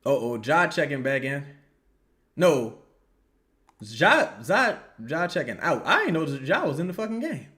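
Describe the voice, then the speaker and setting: A young man giving casual, profane live reaction commentary on a basketball game, answering viewer questions and yelling at plays. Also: on the high side, measured pace. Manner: profane, animated, yells at plays. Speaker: live game watch-along streamer.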